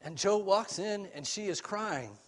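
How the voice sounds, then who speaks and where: A man preaching a sermon as a pastor, telling a story earnestly and swinging between raised and hushed passages. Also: high-pitched, expressive, measured pace.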